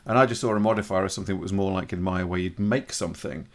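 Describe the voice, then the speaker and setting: A man's voice: low voice, very fast, vocal fry. A man from England chatting casually on a podcast, rambling with frequent restarts and self-corrections, with jokey teasing banter. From Shropshire, England.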